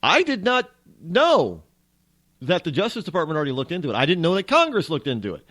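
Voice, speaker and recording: A man with a slightly high, sing-song, somewhat bright voice talks very fast on his radio show. His casual monologue is rambling and wry, punctuated by constant restarts as he muses.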